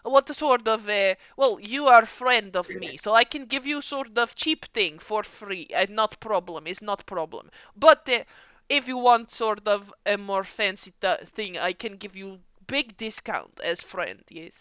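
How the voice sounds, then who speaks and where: A woman's voice: mid-range voice, unhurried, hardly any pauses, fairly bright tone, clean tone, no room sound, highs cut off, natural voice. A woman voicing an eager, grateful male market trader with an Eastern European accent and broken, repetitive grammar. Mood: warm, generous. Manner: broken grammar, repeats words, effusive.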